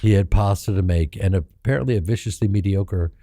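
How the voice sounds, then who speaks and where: A man's voice: low-pitched, brisk, warm tone, no echo, clean studio sound. A middle-aged man from Chicago, a guest actor telling candid stories in an interview, acting out the people he quotes in raised, profane voices. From Chicago, United States.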